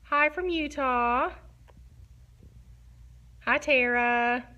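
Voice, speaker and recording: Bubbly, chatty woman hosting a livestream; high-ish, bright voice. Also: extremely slow, lo-fi sound. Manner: bubbly, giggly and chatty, self-described nervous. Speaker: photographer hosting a live online talk. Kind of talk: casual livestream talk. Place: her photo studio, facing a window.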